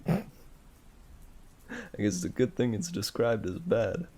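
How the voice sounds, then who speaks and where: A man's voice: on the low side, slightly rough. A man reading a book aloud as a bedtime story, chatting casually with listeners between passages. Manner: slow, relaxed, chatty asides to listeners.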